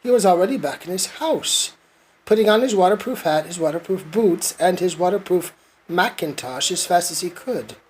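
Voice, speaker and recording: A man reading a storybook aloud to his son in a gentle, even way. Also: high voice, normal speed, slight background noise. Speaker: father reading a bedtime story.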